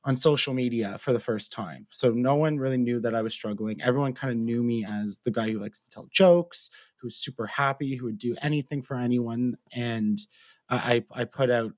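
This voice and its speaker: A man's voice: mid-range voice, normal speed, no room sound. Earnest young man, dry close sound. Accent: Canadian. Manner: earnest, talkative, many fillers and restarts. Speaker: guest, mental health advocate. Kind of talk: personal storytelling in an interview.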